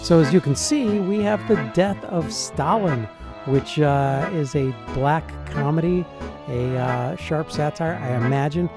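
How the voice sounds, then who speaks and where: A man's voice: on the high side, measured pace, vocal fry, music in the background. A middle-aged man and dialect coach talking through a film in a musing, hesitant reaction commentary.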